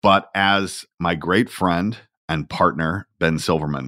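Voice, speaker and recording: Deep, slow-talking male podcast host. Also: pushed and bright, dry recording, studio quality. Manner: reflective, unhurried storytelling. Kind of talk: casual podcast talk.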